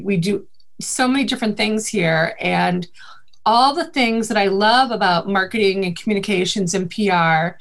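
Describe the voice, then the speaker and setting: A woman's voice: mid-range voice, creaky. A woman from the Boston area with a faint Boston accent, a marketing and events guest chatting in an interview, rambling with many fillers. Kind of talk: casual interview chat.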